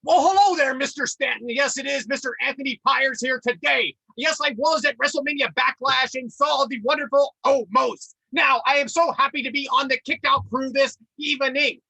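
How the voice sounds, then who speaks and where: A man putting on the voice of a pompous, stiffly formal gentleman fan who calls everyone Mister, as a comedy bit on a podcast. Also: very high-pitched, moderate pace, creaky, few pauses, no room sound, full character voice, low-quality recording.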